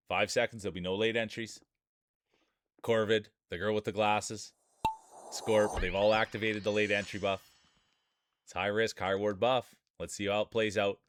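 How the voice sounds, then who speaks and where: Man, low voice, dry close sound, streamer commentary, chatty, rambling, hype-building, laughs easily. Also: a bit bright, clear, resonant tone, no echo. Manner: hype-building, calls out viewers by name. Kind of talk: live-stream commentary on marble races.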